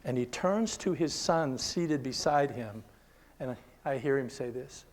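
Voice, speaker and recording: An older man giving a conversational sermon at a Christian seminar, earnest and often checking in with his listeners, sometimes dropping to a hushed whisper. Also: medium pitch, expressive, measured pace. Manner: drops to a hushed whisper when telling stories.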